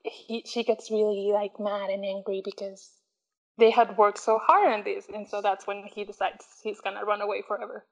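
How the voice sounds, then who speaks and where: With a mid-range voice, vocal fry, and a moderate pace, a young woman co-hosts a podcast over dull-sounding audio. She retells a movie scene by scene in casual chat, performing the quotes with animation and laughing frequently.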